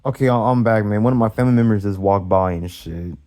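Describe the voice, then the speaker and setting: A young man ranting heatedly in a casual vlog, swearing often and repeating himself as he vents. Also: fast. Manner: profane, heated, repetitive ranting; swings high and loud when mimicking others. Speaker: vlogger ranting. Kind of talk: casual rant.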